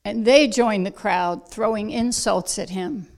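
A woman preaching a sermon, emphatic and unhurried, with soft quiet asides. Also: medium pitch.

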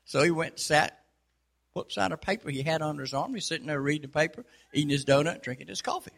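Give me a husky, gravelly man spinning a folksy joke. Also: on the high side, quick pace, a bit bright. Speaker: storyteller. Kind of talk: casual joke telling.

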